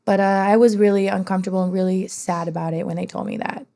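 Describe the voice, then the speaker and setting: A woman guest on an interview podcast, telling candid stories in an animated way and swearing freely. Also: medium pitch, fast. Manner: animated, swears freely, acts out what others said.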